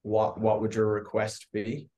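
A man's voice: lowish voice, completely flat delivery, a little slow, mellow. A man on a casual podcast, joking in a slightly hesitant way. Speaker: podcast co-host. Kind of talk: casual chat.

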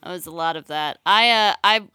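A young woman chatting casually on a podcast, quick and laughing, full of "like". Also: on the low side, bright, forceful tone, clear, resonant tone, dry recording, clean studio sound. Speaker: podcast co-host, sibling of the storyteller. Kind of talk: casual chat.

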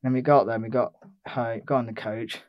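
A man's voice: medium pitch, fairly even intonation, brisk, dry recording, lo-fi sound. A young man from England telling a rambling holiday story in casual chat, with lots of fillers and restarts. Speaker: podcast co-host.

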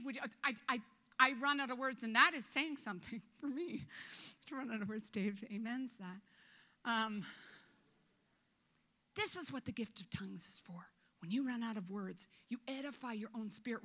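A woman's voice: a little high, pushed and bright. A woman pastor preaching a sermon in a conversational, joking way, with acted asides.

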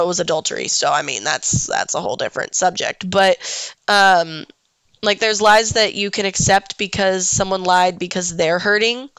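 A woman's voice: medium pitch, a bit bright, clean tone, no room sound. A young woman hosting a solo podcast, congested and a bit emotional, talking candidly with many fillers and some swearing. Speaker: podcast host.

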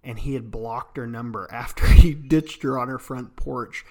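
Co-hosting a podcast in casual storytelling chat, this Arkansas man speaks at normal speed with a medium-pitched, darkish voice, laughing through his rambling tales.

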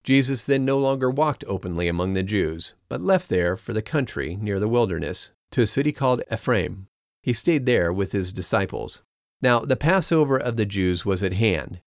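A man reading a Bible chapter aloud in a steady way, raising his voice a little for quoted speech. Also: on the low side, moderate pace, no echo, studio quality. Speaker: scripture reader.

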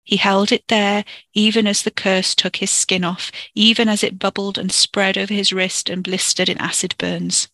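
A storyteller reading a dark fiction chapter in a steady, measured way into a close microphone. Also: medium pitch, no echo. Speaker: podcast storyteller. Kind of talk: audiobook-style fiction narration.

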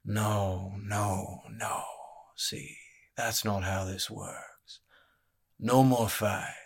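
A man voicing a scheming, spindly crime boss who speaks softly, slowly and with quiet threat, in a storybook reading. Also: lowish voice, steady tone, creaky, breathy edge, exaggerated voice. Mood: cold menace. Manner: soft, slow, quietly threatening.

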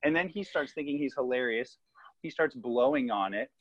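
At a moderate pace and with a mid-range voice, a man co-hosting a podcast narrates a story in easy conversation. He brings it to life by imitating the kids' voices, captured in a dry, slightly muffled recording.

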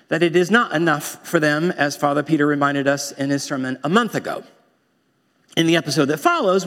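A man with a fairly high voice preaches a sermon in a wry, conversational manner. His words ring out with a long reverb, as in a church sanctuary. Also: fairly bright tone. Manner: wry, conversational preaching with quoted movie lines. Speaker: pastor.

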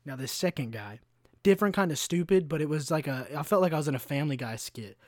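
A man with a slightly high voice rants on his own podcast, telling profane, animated stories and acting out the customers in them. The sound is dry and close, with no room echo. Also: quick pace. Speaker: podcast host. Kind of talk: solo podcast rant.

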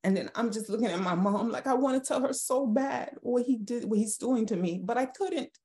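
A woman, a podcast guest, recounting a painful personal story in a halting, emotional way with frequent restarts. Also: fairly high pitch, a little mellow. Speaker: guest sharing her story. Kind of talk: personal testimony in a podcast interview.

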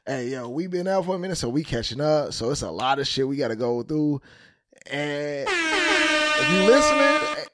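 A man's voice: mid-range voice, fast, hardly any pauses. A man co-hosting a podcast, telling stories in a laid-back way and laughing often. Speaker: podcast co-host. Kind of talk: casual chat.

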